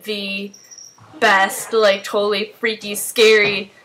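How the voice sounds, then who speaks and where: A young woman casually recapping a TV episode, rambling excitedly with lots of fillers. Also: mid-range voice, takes it slowly, slight background noise.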